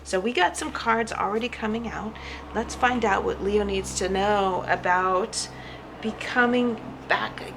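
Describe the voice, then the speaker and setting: A woman giving a casual tarot reading to camera, talking in an animated way and repeating words for emphasis. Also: medium pitch, vocal fry, noisy background. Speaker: tarot reader.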